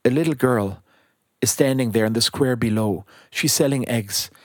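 A man reading a children's storybook aloud in a calm, steady narration. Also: medium pitch, normal speed, no room sound, studio quality.

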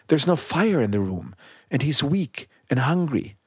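A man voicing a kind, sorrowful male statue prince who speaks in a gentle, earnest, pleading way. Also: a little high, sing-song, unhurried, breathy edge, dry recording, studio quality, full character voice.

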